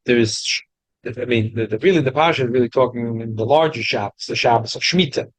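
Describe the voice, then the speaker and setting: A man's voice: medium pitch, brisk, no room sound. A man giving a Torah class to a study group, explaining with frequent restarts and Hebrew and Yiddish terms. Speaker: rabbi teaching a study group.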